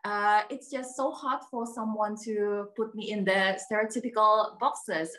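A woman's voice: mid-range voice, fairly bright tone, roomy sound. A woman telling a personal story as a workshop participant on a video call, hesitant with many fillers.

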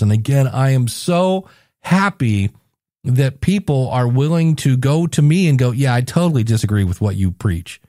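A man's voice: mid-range voice, expressive, moderate pace, warm tone, dry recording, studio quality. A man hosting his own podcast, chatty and jokey, acting out little scenes as he talks. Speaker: podcast host. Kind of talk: solo podcast talk.

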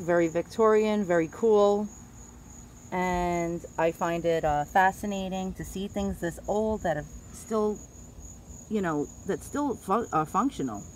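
This is a casual show-and-tell from a middle-aged woman who deals in antiques, her Queens, New York accent clear as she fumbles some names. Her voice sits in the mid range, and a faint hiss or hum runs underneath.

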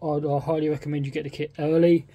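A man's voice: a little high, level tone, fast, mellow. A man with a British accent, casually talking through a model kit unboxing, often hesitant and thinking aloud. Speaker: scale model kit reviewer.

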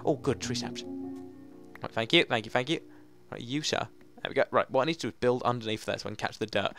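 A man's voice: medium pitch, quick pace, gravelly, over music. Chatty man narrating his gameplay. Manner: chatty, talks to himself, jokingly dramatic. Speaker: Let's Play gamer. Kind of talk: gaming commentary.

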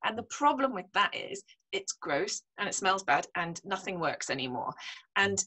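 A woman's voice: medium pitch, big pitch swings, normal speed, bright, forceful tone, husky, low-quality recording. A middle-aged woman, a psychologist guest on a podcast, talking frankly and casually with a self-deprecating laugh. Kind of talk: casual conversational interview.

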